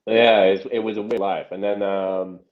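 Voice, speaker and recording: Deep-voiced young man, telling stories. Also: normal speed. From England. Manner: animated anecdote-telling with many restarts. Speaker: magician guest. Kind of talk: casual podcast storytelling. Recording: dull lo-fi sound.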